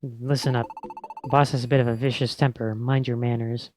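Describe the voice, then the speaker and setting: A man's voice: medium pitch, little pitch movement, brisk, darkish tone, lightly acted. A man voicing brusque, slangy carpenter's apprentices while reading game dialogue over game music. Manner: brusque, working-class slang.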